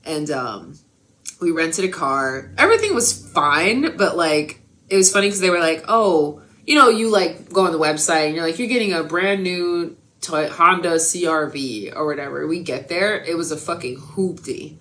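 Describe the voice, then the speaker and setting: A woman co-hosting a podcast, telling a story in an animated, casual way, swearing often and acting out what people said. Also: low-pitched, moderate pace. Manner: animated storytelling, swears a lot, acts out quotes. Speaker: podcast co-host. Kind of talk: casual chat.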